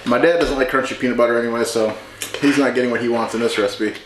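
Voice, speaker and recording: In an echoey home kitchen full of clinking dishes and utensils, a man hosting a casual cooking show talks fast in a medium-pitched, steady voice. He stays chatty and jokey as he works, teasing his mother, with background noise throughout.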